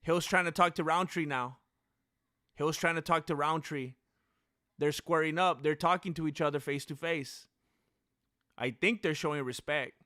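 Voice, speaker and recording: Excitable male fight streamer with a high voice and sudden shouts, recorded dry. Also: normal speed, long pauses, dry recording. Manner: mimics fighters in goofy voices. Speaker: fight commentator. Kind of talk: live fight reaction stream.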